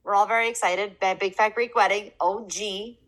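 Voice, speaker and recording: Casual young woman co-host, mid-pitched, chatty and joking. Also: steady tone, moderate pace, fairly bright tone, poor audio. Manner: chatty, drinking beer while talking, jokes around with accents. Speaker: podcast co-host. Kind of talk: casual chat.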